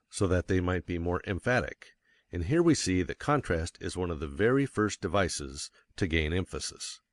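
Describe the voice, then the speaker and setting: A man reading a nonfiction book aloud as an audiobook narrator, measured and stressing key words. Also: deep voice, no echo. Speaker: audiobook reader. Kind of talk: scripted narration.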